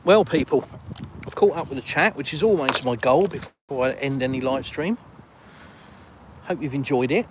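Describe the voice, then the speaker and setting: A retired Englishman hosting a live stream outdoors, reading out viewer comments and answering them in relaxed, chatty talk. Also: mid-range voice, normal speed, pauses often, slight background noise. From England. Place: outdoors in a village, walking.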